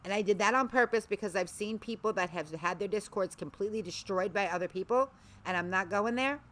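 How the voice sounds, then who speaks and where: A woman hosts a casual livestream, chatting easily and loosely. She reads out viewer messages and breaks off mid-thought now and then. Her voice sits at an ordinary middle pitch. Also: a little fast, fairly bright tone. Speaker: livestream host.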